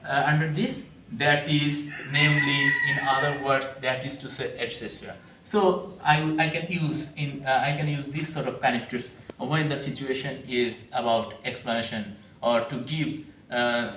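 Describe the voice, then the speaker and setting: A male teacher giving a grammar lecture to his students, pausing often and repeating phrases as he explains. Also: high-pitched, fairly bright tone, slight background noise. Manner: hesitant, many pauses and repeated phrases; addresses listeners fondly as students. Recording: echoey room, mic at a distance.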